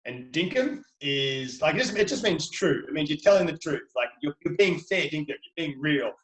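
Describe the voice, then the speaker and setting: A man's voice: on the high side, expressive, normal speed, a bit bright, reverberant, rough recording. Enthusiastic Australian man on a call. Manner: chatty, enthusiastic, playful. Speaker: children's book author, guest. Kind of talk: video call interview for kids.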